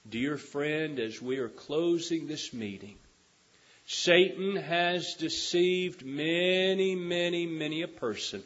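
A man's voice: a little high, slow, a bit bright. A man preaching a sermon, telling a story and then making earnest, urgent appeals to his listeners. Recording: dull lo-fi recording.

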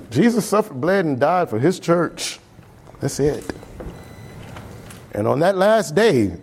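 Guy preaching, high voice that swoops up and down, pleading and earnest. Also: a little mellow. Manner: earnest, exhorting, swings between emphatic and low. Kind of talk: sermon.

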